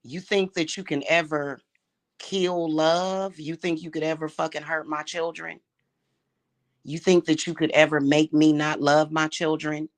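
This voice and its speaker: A woman's voice: deep voice, level tone, unhurried. A woman delivering an angry, profane, confrontational monologue to the camera, mocking and scolding someone. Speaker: vlogger.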